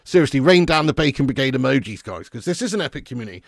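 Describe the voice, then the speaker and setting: A man hosts a live football watch-along stream, casually reading out viewer comments before swearing and shouting at the match as it plays out. His medium-pitched voice is animated and rapid-fire, captured in a dry, studio-quality recording.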